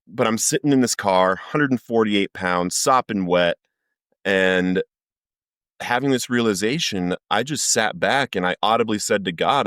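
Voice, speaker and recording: A man with a very deep, low voice tells his recovery story as a podcast guest. He speaks earnestly and vividly and acts out the lines he quotes. The sound is dry and close, with no room around it. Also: unhurried, fairly bright tone, smooth, dry recording. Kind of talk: personal recovery testimony.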